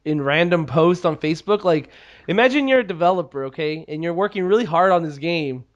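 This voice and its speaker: A man's voice: fairly high pitch, animated, a little fast, dull audio. A young man co-hosting a casual podcast, joking and teasing his co-host.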